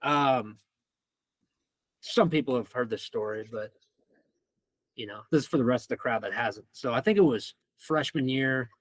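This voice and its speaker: A man's voice: mid-range voice, moderate pace, pauses often, no room sound. Young man, Missouri-raised, casual storytelling, swears a lot, acts out quotes, dry mic. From Missouri, United States. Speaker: podcast guest.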